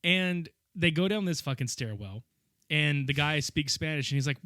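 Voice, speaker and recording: A man chats on a podcast, tearing into an old training video with loose, profane enthusiasm. His voice is bright and swings widely in pitch. The sound is dry and close, with no room echo. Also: normal speed. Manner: profane, animated, laughs a lot. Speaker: podcast co-host. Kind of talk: casual movie-riffing chat.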